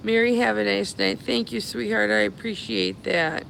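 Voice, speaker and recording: A woman's voice: mid-range voice, big pitch swings, moderate pace, creaky, fairly bright tone, a little hiss or hum, rough recording. A woman live-streaming on her phone from an airport, chatting affectionately with her followers and calling them honey. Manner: chatty, affectionate, calls viewers babies and honey. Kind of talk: casual live-stream chat. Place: airport, stranded after a cancelled flight.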